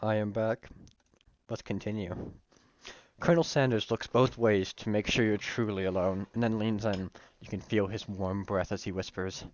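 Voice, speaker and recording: A man's voice: lowish voice, steady tone, moderate pace, dry recording. Man reading a visual novel on a live stream, playful and jokey, close dry lo-fi mic. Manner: playful, joking asides.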